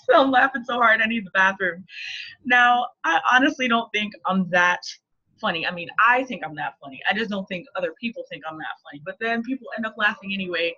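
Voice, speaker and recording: A woman's voice: mid-range voice, lively intonation, a little fast, pushed and bright. A woman in her thirties, a marketing coach, teaching casually and playfully while laughing often. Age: 30s. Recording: dull lo-fi recording.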